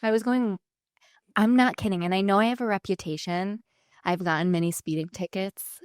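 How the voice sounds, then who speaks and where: A young woman co-hosting a faith podcast, telling stories in a chatty, animated way and acting out quoted voices. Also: mid-range voice, moderate pace, dry recording, studio quality. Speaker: podcast co-host. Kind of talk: casual faith conversation.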